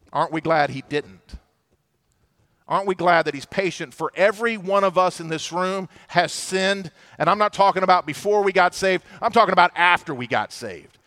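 Male pastor, high bright tone, animated sermon storytelling with acted-out voices.

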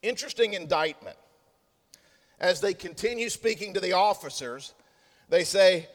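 A man preaching a sermon as a pastor, swinging between loud stressed lines and hushed asides. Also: sits high, lively intonation, moderate pace, pauses often. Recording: long hall reverb.

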